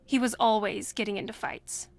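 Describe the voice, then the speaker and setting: A woman's voice: medium pitch, fairly even intonation, moderate pace, no echo, soft background music, close to an everyday voice. An actress playing a chatty, bossy teenage girl school monitor who talks in a breezy, gossipy way in a video game.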